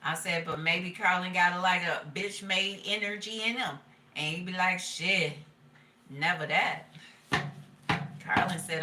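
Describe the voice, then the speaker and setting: A woman's voice: lowish voice, steady tone, measured pace, pushed and bright, reverberant, distant mic. A woman giving a casual, profane tarot reading, talking in a streetwise way and laughing often. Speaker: tarot reader.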